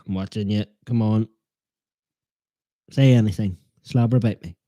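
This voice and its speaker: A man's voice: fairly low pitch, fairly even intonation, normal speed, dark tone, no room sound. A man hosting a live football watchalong stream, chatting in a joking, self-deprecating way and teasing his viewers. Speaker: fan channel host.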